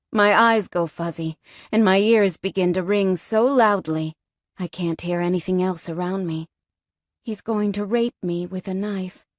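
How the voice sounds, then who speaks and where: Slow, tense woman audiobook narrator. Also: mid-range voice, no room sound, studio quality. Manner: tense, frightened first-person telling. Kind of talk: scripted first-person audiobook narration.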